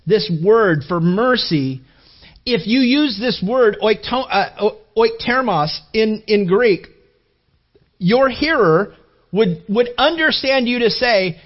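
A middle-aged man preaching a sermon in a conversational way, often repeating and restarting words and moving between hushed and raised passages. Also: sits high, lo-fi sound. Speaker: pastor.

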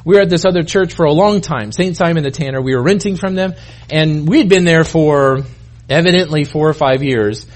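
A middle-aged pastor preaches a sermon conversationally in a fairly high voice at a fairly quick pace. He often interrupts himself to restart and acts out the voices of the people he quotes.

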